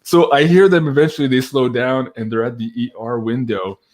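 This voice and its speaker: A man's voice: mid-range voice, a little fast. Laughing man telling a story. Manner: animated, laughs often while telling a story. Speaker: guest. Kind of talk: casual storytelling on a livestream.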